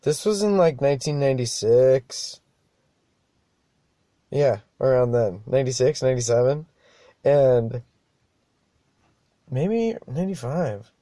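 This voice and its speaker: A man's voice: medium pitch, animated, takes it slowly, pauses often, warm tone, no echo, studio quality. A young man hosting a show alone, rambling casually, swearing often and laughing at himself. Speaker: podcast host. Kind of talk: casual monologue.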